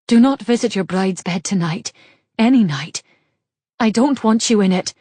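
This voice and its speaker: A woman's voice: mid-range voice, normal speed, a little mellow, slightly rough, no room sound, close to an everyday voice. Breathless young lady, anxious and pleading, read by a woman narrator. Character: young noblewoman, anxious and tired.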